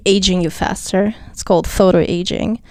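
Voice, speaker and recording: A woman's voice: medium pitch, fairly even intonation, moderate pace, darkish tone, dry recording. A young woman with a slight non-native accent, explaining skincare casually as an interview guest, chatty and full of fillers. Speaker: esthetician guest.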